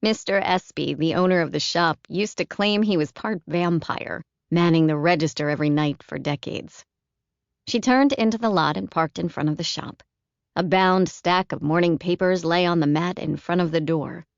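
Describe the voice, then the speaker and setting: Woman narrator for a novel audiobook, low voice with gravel, dry dull lo-fi recording. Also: normal speed, dry recording. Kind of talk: scripted narration.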